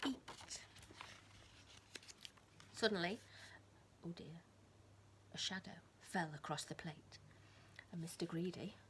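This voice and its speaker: A woman teacher reading a storybook aloud to children, swinging between hushed whispers and loud emphasis. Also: a little high, a little hiss or hum.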